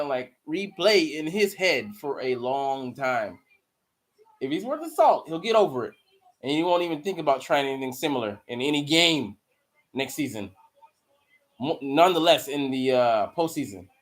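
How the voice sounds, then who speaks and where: Male host, high voice, profane live game commentary, excitable. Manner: profane, excitable, bursts into mocking shouts. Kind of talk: live watch-party commentary.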